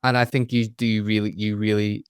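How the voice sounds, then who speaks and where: A man's voice: on the low side, little pitch movement, moderate pace, clean tone, no room sound, studio quality. A man with a Belfast accent hosting a podcast, chatting casually and rambling with lots of "like" and asides. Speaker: podcast host.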